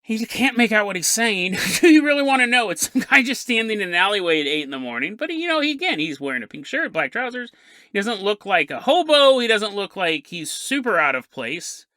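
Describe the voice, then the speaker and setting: A man's voice: sits high, a little fast, no echo. Guy telling a spooky story on his podcast, jokey and chatty, voice bouncing all over, dry close sound. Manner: animated, joking, conversational. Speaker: podcast host. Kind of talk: casual storytelling narration.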